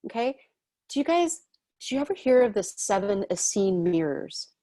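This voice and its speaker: A woman teaching a live online spiritual class, telling stories with animated acted-out voices. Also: medium pitch, moderate pace, no room sound, clean studio sound. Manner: animated storytelling, acts out voices.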